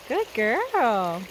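Out on a trail ride beside a creek, a woman vlogs in a slightly high voice over some background noise. She coos and talks playfully to her animals, laughing often as she narrates casually.

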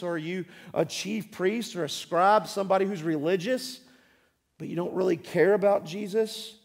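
High-voiced emphatic male preacher. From southern United States. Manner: emphatic preaching with rising and falling intensity, rhetorical questions. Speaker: pastor. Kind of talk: sermon. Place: church sanctuary.

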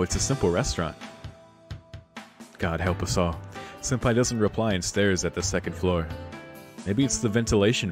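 A low-voiced man reads a visual novel out loud and keeps stopping to swear and laugh at what happens. Background music plays steadily behind his voice. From United States. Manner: reads the text then breaks off into swearing, laughing commentary. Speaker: visual novel let's player. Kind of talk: reading a visual novel aloud with reactions.

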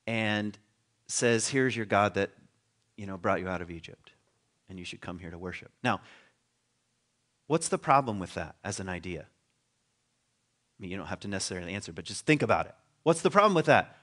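A man's voice: fairly low pitch, fairly bright tone. A man teaching at a spiritual community, giving a conversational sermon, chuckling and thinking aloud with frequent restarts.

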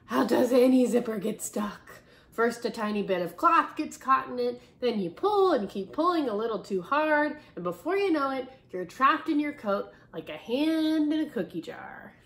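A woman voicing a grumpy, flustered schoolteacher stuck in her coat, in a lower, heavier voice than her narration. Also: sing-song, normal speed. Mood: fretful.

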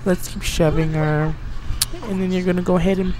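A man giving excitable, chatty let's play commentary, bossing his game characters around. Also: high voice, a little fast, crowd noise. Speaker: game streamer. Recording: noisy home recording.

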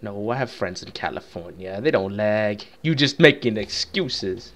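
Over a headset, a man co-hosting a gaming channel trades casual banter, laughing often, swearing, and mocking his own skills. His voice is lowish and a little bright, animated but unhurried.

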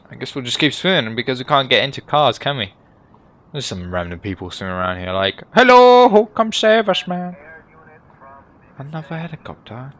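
Young man, gameplay commentary, lively swooping pitch, joking and excitable, swears a lot. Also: fast. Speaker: gaming YouTuber.

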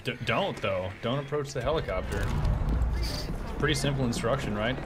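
A man streaming a shooter game, joking with friends and yelling excitedly at his kills. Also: mid-range voice, moderate pace, heavy background noise. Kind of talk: casual gameplay commentary. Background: background music.

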